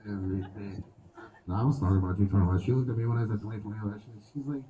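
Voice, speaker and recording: A stand-up comedian with a lowish voice rattles through a live outdoor set at high speed, telling crude, profane, animated stories packed with swearing. The recording is narrow and tinny, captured on a distant mic in an echoey space with slight background noise.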